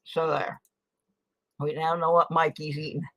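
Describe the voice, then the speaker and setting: Slow-talking folksy woman streamer. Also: deep voice, little pitch movement, fairly bright tone, dry recording. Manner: folksy and chatty, talks while eating. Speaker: host of a coin collecting livestream. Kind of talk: casual livestream chat. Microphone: desk microphone.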